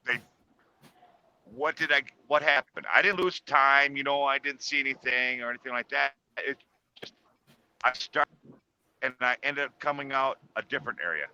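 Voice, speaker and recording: A man's voice: medium pitch, normal speed, pauses often, pushed and bright, smooth, muffled recording. A man casually telling a personal story in a chat, rambling with fillers and restarts.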